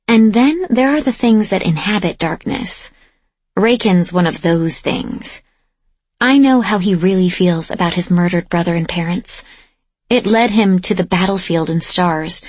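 A woman giving steady, measured first-person audiobook narration, close to the mic. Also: on the low side, slightly rough, no echo.

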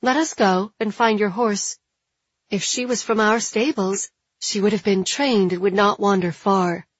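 A woman narrating an audiobook, voicing a formal, courteous young noblewoman with a husky tone. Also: medium pitch, steady tone, a little slow, dry recording, dull audio.

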